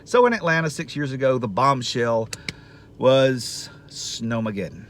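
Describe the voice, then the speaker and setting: A retired man, telling a jokey story in a casual vlog and building up to loud exclamations. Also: mid-range voice, animated, a little slow, a little hiss or hum. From Southern United States. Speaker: retired school administrator and vlogger.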